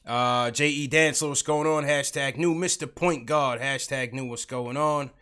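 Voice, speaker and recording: A man's voice: medium pitch, fairly even intonation, normal speed, sharp tone, clean tone. A man hosting a sports livestream podcast, talking casually about basketball and calling out chat viewers. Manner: hypes up the chat, greets viewers.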